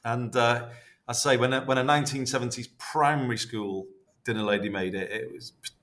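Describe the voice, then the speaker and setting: A man, chatting warmly and rambling as a podcast guest, full of restarts. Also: medium pitch, steady tone, a little fast. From North West England. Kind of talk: casual interview reminiscing.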